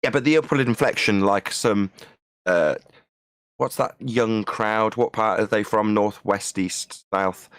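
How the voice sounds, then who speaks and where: A man's voice: lowish voice, measured pace, smooth, dry recording. A man chatting on a live stream with dry, sarcastic humor. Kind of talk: casual live-stream chat.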